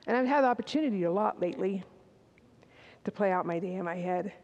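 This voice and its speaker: A woman's voice: mid-range voice, fast, a little mellow, highs cut off. An older woman giving a candid, conversational sermon, with personal asides and restarts. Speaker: speaker at a church service. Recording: long reverb in a large hall.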